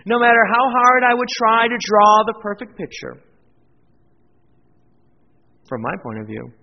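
A male pastor preaching a sermon, lifting his voice on scripture quotes and dropping low for quiet asides. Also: creaky. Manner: earnest preaching, swells in volume on scripture quotes; drops to a quiet, low aside for self-deprecating remarks. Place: church. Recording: dull, lo-fi sound in a reverberant church hall with faint noise.

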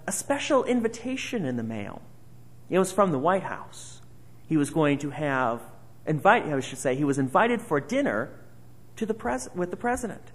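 A man's voice: fairly high pitch, fairly bright tone. A man preaching a conversational sermon, asking his listeners many rhetorical questions. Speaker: pastor.

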